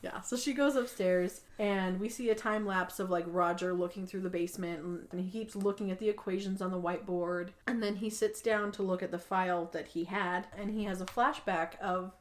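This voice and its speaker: A woman's voice: mid-range voice, steady tone, brisk, few pauses. Chatty woman podcast host recapping a movie. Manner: chatty, frequent "like" fillers and swearing. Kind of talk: casual movie recap chat.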